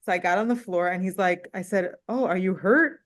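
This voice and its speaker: A woman teacher talks in a casual meeting conversation. She speaks fast and with high energy, running her thoughts together as she goes. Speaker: special education teacher.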